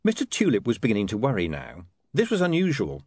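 Male audiobook narrator, dry and measured, expressive range, close dry studio sound. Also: fairly low pitch, no echo.

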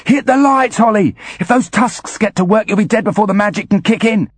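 A man voicing a fussy male tech advisor, chattering urgently in a high voice. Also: fairly quick, slightly rough, no echo.

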